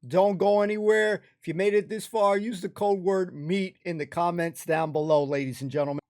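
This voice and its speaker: A man's voice: high voice, steady tone, normal speed, faint music behind. An American man hosting a reaction video, talking enthusiastically and rambling in casual commentary. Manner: enthusiastic, rambling, keeps saying "ladies and gentlemen".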